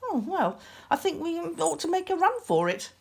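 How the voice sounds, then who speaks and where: A fussy old male wizard from a storybook, as a woman reader puts him on, fluttery and anxious. His voice jumps high and dips again in lively swoops. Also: normal speed, vocal fry, heavily acted. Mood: nervous.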